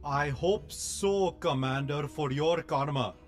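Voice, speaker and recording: A man with an Indian accent dubbing a menacing dark lord in a parody scene, slow and imperious. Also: on the high side, faint music behind. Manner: slow, imperious, deadpan threats. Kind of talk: parody dub of a film scene.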